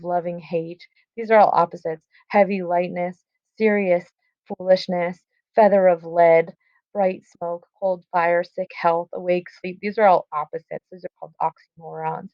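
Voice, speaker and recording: A woman's voice: lowish voice, a little mellow, dry recording, lo-fi sound. A woman teacher casually retelling a play, reading lines aloud and paraphrasing them in modern slang.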